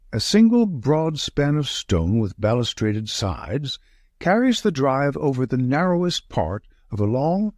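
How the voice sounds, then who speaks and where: A brisk, sharp-minded detective, as a man reads him who probes with lively, rising questions. His voice is husky and springs up and down. It sounds dry and close. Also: mid-range voice, no echo, full character voice. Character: sharp, confident male detective, middle-aged.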